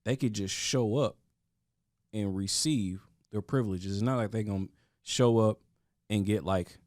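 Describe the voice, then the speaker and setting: A man's voice: lowish voice, measured pace, darkish tone, no echo, clean studio sound. A man talking earnestly in a casual podcast discussion, often restarting his sentences. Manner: earnest, with frequent restarts and stammers.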